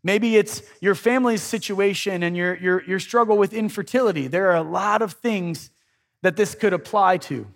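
A man's voice: high-pitched, normal speed, gravelly. A man preaching a sermon in a conversational way, with dry irony and acted-out prayers. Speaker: pastor.

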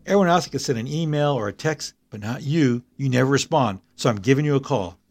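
A man's voice: mid-range voice, expressive, fairly quick, darkish tone, dry recording. A man reading aloud the lines of a bossy older sister who scolds her brother. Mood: teasing. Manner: insistent, clipped, talks over others. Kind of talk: read-aloud story dialogue.

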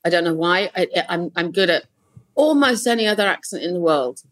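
A woman's voice: on the low side, expressive, a little fast, no echo. An English woman, a guest actress, chatting with self-deprecating humor and frequent laughs. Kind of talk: casual chat.

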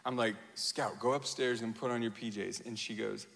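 A man in his thirties preaches with a bright, forceful voice that rings through a large hall with a long reverb. He tells stories with animated energy, acting out quotes and laughing at himself. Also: lowish voice, normal speed, creaky. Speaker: pastor. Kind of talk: sermon.

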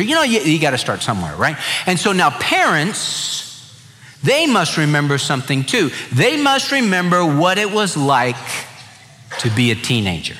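Folksy preacher with a bright voice. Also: male voice, on the high side, huge pitch swings, moderate pace. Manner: folksy, humorous storytelling. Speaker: pastor. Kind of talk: sermon. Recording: reverberant church hall.

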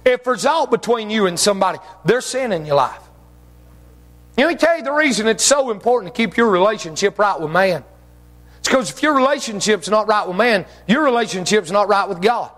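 A man preaching a sermon as pastor, with folksy phrasing, shouted emphasis and drawn-out phrases. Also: high voice, animated. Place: church sanctuary. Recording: long reverb of a church hall.

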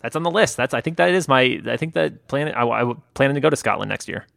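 Gravelly, bright-voiced laid-back man. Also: mid-range voice, lively intonation, quick pace, dry recording, studio quality. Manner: laid-back, many fillers and restarts, laughs easily. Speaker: podcast co-host. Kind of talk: casual chat.

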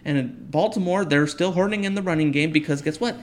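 A man co-hosting a sports podcast, arguing football matchups animatedly and climbing in pitch as he presses his point. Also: fairly quick. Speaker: podcast co-host. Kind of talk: casual sports chat.

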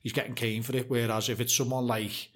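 A man's voice: mid-range voice, flat delivery, fairly quick, a bit bright. A man interviewing a guest in a casual chat, agreeable and chatty, often ending points with rhetorical tag questions. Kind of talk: casual conversation.

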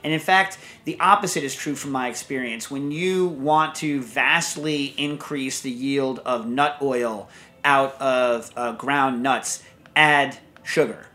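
A podcast host chats casually and reads a listener question aloud, rambling with many fillers and restarts. His mid-range voice is bright and forceful, and he takes his time.

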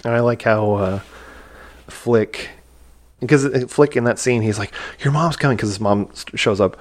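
A man's voice: on the low side, moderate pace. A man co-hosting a podcast, chatting casually about a film with lots of fillers. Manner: rambling, with many fillers and acted-out quotes. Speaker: podcast co-host. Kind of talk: casual movie review chat.

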